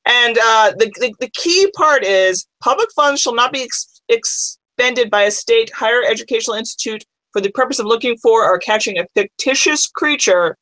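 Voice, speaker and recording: A woman's voice: on the high side, animated, moderate pace, hardly any pauses, a bit bright, no echo, rough recording. A woman co-hosting a podcast in casual chat, chatty and wry, with asides as she reads aloud. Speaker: podcast co-host.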